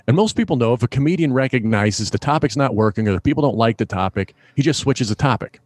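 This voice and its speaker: Brief: middle-aged male stand-up, animated storyteller, lively pitch, dry close mic. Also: quick pace, no echo. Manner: animated anecdote-telling, laughs often, acts out voices in quotes. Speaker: stand-up comedian, guest. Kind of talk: storytelling in a podcast interview.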